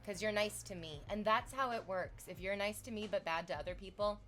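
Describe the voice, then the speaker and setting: A young adult woman livestreaming casual chat, swearing freely and breaking into excited shrieks and laughter as she reacts to viewers. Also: medium pitch, fairly quick, faint music behind.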